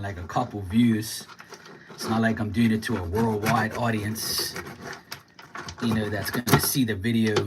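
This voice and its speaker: A man's voice: lowish voice, heavy background noise. A man livestreaming from his home kitchen, chatting casually and ranting bluntly while he cleans up and preps lobsters. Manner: blunt, ranting, swears freely.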